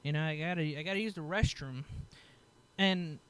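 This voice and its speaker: Loose-talking man with a smooth clear voice. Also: a little high, normal speed. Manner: animated, swears a lot, laughs, acts out other people's lines. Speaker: podcast host telling a story. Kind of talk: casual profane storytelling.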